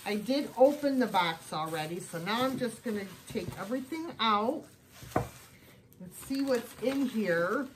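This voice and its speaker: Woman vlogger unboxing at home, warm and chatty, slow delivery, faint background hum. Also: on the high side, animated, rough recording. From United States. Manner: gushing and chatty. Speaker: thrift vlogger. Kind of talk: casual haul video.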